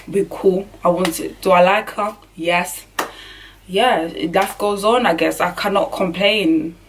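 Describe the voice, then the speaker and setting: Young woman vlogging a personal story, kinda low voice, a bit far from the mic, earnest and emotional, keeps restarting her sentences. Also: fairly even intonation, measured pace, noisy background. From Burundi.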